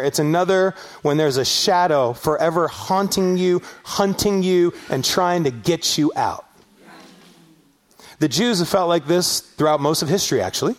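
Preaching as a pastor, this middle-aged Los Angeles man builds his sermon story through animated rises that break into shouts. His voice runs on the high side.

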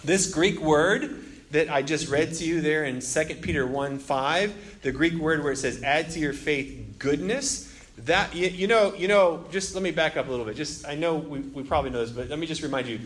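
Animated high-voiced male pastor. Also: moderate pace, a little hiss or hum. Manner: animated storytelling, acting out dialogue, many restarts. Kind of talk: sermon with personal story.

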